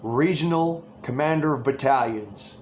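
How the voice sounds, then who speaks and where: A man's voice: medium pitch, measured pace, lo-fi sound, a little hiss or hum. A man delivering an angry, rambling political rant full of swearing.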